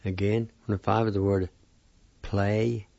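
A man teaching a language lesson on the radio, spelling each word letter by letter and repeating its pronunciation slowly. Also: fairly low pitch, flat delivery, vocal fry, warm tone, dry recording, highs cut off. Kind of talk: spelling out and pronouncing vocabulary.

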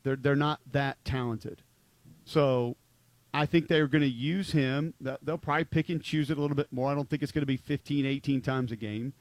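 A man's voice: medium pitch, fairly even intonation, moderate pace, no echo. Emphatic man talking football, dry sound. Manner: rambling, frequent "like" fillers, emphatic. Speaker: co-host of a football talk show. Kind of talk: casual sports chat.

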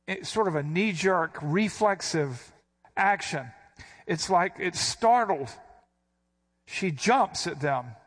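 A man preaching a sermon, explaining scripture verse by verse with emphatic stresses. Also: on the high side. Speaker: pastor.

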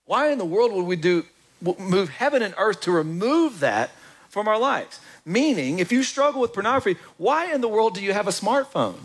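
A pastor delivering a sermon, his voice sitting a little high for a man. His pitch swoops widely as he acts out lines and fires rhetorical questions. The delivery is animated and conversational. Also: normal speed.

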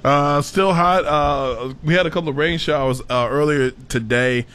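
A man who is covering at the studio, giving a halting update full of fillers about the local weather. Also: a little high, fairly bright tone. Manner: hesitant, filler-heavy report.

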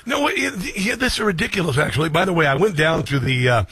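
A man's voice: a little high, animated, fast talker, sharp tone, slight background noise. A male radio host chatting about politics in a casual, emphatic way, laughing along with his guest.

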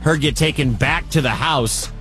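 Chatty Midwestern sports radio host. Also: male voice, on the high side, soft background music. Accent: Midwestern American. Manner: chatty, conversational, quick asides.

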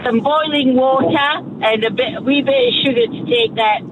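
A woman's voice: sits high, normal speed, phone-quality sound, noisy background. A woman from Fife with a Scottish accent, calling in to a radio show. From Scotland. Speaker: caller.

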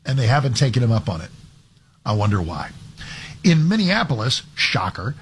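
A man's voice: medium pitch, big pitch swings, normal speed, a little hiss or hum. A man hosting a talk radio show, giving an opinionated monologue in a conversational way with frequent restarts. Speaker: talk radio fill-in host.

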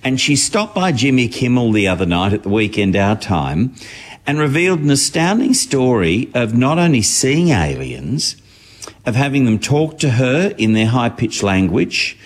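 A man's voice: medium pitch, big pitch swings, normal speed. A man chatting wryly on the radio as a regular showbiz correspondent. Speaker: entertainment correspondent. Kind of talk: casual radio chat.

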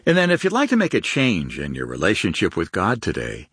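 Man, radio announcer, lower voice, swinging intonation, dry booth. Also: wildly swooping pitch, a little fast, a bit bright, husky, no echo.

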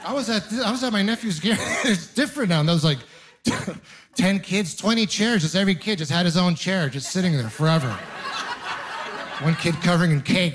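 A man's voice: sits high, brisk. A man in his thirties doing a conversational, self-deprecating stand-up routine with rambling asides. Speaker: stand-up comedian. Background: audience laughter.

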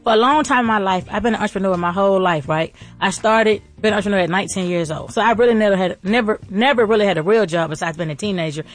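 A woman's voice: mid-range voice, fast talker, few pauses. A woman who owns restaurants, giving a motivational faith talk in a preachy, repetitive, rallying cadence.

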